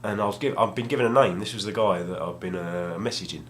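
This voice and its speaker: Sitting at a table in a room at home, a young gaming vlogger tells a rambling, self-deprecating story, casual and full of restarts. His voice is on the low side and he talks fast, with slight background noise.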